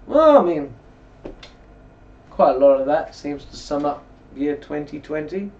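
A man's voice: a little high, animated, unhurried, pauses often. A man, talking casually and reading scripture aloud in a rambling, conversational way while seated indoors. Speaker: religious video blogger. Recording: distant mic, dull lo-fi sound.

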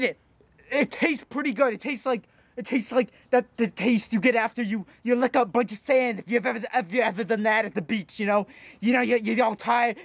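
A man's voice: very high voice, creaky, no echo, full character voice. A man playing a hot-tempered, boastful eighty-year-old food reviewer who rambles and rants, repeating himself as he goes. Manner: rambling, ranting, repeats "let me tell you something". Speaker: comedy YouTuber in character. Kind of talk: comedic character monologue.

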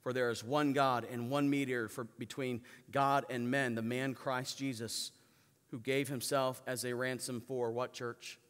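A male pastor preaching a sermon, calling on the congregation to answer back and shifting between loud emphatic peaks and soft low asides. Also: level tone, unhurried, clean tone, in a large hall. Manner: preaches with call-and-response to the congregation. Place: church sanctuary.

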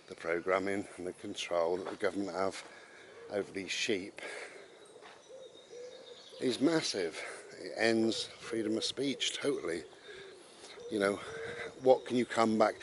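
A man's voice: lowish voice, fairly bright tone, slight background noise. A man, rambling bluntly and sarcastically in an opinion monologue while walking his dog outdoors, swearing casually. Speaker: vlogger.

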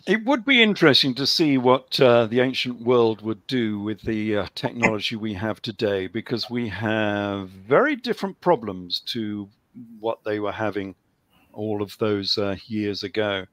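A man's voice: on the low side, expressive, unhurried, a bit bright, dry recording. A man talking on a call-in show, rambling with lots of ums and a dry humor. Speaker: guest author. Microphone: video call.

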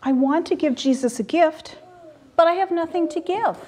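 A woman's voice: extremely high pitch, normal speed, warm tone, voice pushed up. A woman voicing a small, humble male cat who is timid and unsure of himself in a church children's story. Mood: sad.

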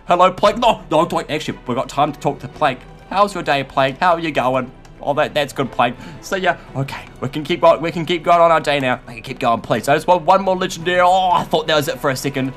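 A man commenting on his own gameplay in a frantic, excitable way, often shouting and squealing. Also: on the high side, fast. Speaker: gaming YouTuber. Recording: light background music.

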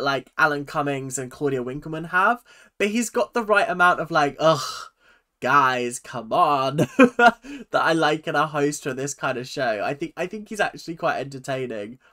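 A YouTube host giving casual, animated reaction commentary with frequent laughs and exclamations. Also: medium pitch.

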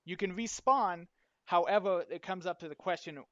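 A young man co-hosting a casual podcast chat, animated and swearing casually as he acts out quotes. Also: high voice, moderate pace, no echo. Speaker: podcast co-host. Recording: dull, dry home mic.

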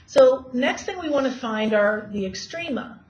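In a high, somewhat mellow voice with lively intonation, a math teacher takes her time working problems in a lecture and asks her students questions along the way. It's a dull, lo-fi classroom recording with a faint hiss.

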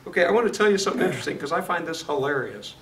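A man with a Midwestern accent teaching a Bible study class, lively and often asking the class questions. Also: fairly high pitch, racing. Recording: echoey classroom from far off, noisy.

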